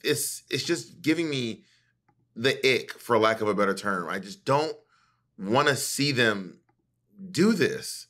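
A man's voice: medium pitch, expressive, slow, a bit bright. A man hosting a podcast in casual chat, gossiping animatedly and swearing freely. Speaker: podcast host.

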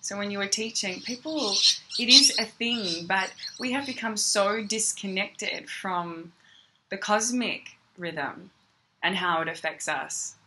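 Slow-talking Australian woman meditation teacher. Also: medium pitch, sharp tone, a little hiss or hum. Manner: chatty, greets viewers by name between thoughts. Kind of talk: casual livestream teaching. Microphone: phone.

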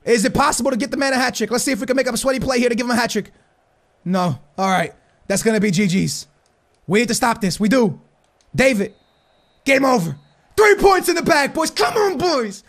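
American gamer guy, high gravelly voice, swings from loud hype to low mutter. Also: lively intonation, brisk. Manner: hyped, shouting at goals, then quiet and muttering. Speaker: gaming YouTuber. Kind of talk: excited gameplay commentary.

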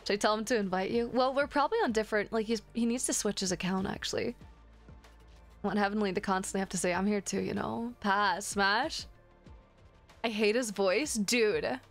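A woman's voice: mid-range voice, a little fast, soft background music. A woman streamer chatting casually with her viewers while gaming, joking in a playful, crude and flirty way.

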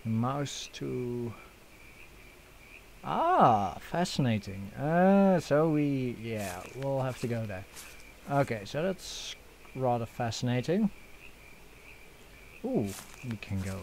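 Man, young adult, let's play host, unhurried, joking, cursing, some fillers. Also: medium pitch, very animated, darkish tone, a little hiss or hum. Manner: joking, swears, frequent fillers. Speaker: gaming channel host.

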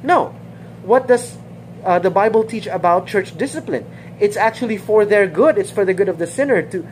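A woman's voice: medium pitch, darkish tone, a little hiss or hum, poor audio. A woman teaching a conversational sermon, repeating her points and acting out quoted dialogue. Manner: informal, repeats phrases, acts out quoted dialogue. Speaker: Bible teacher.

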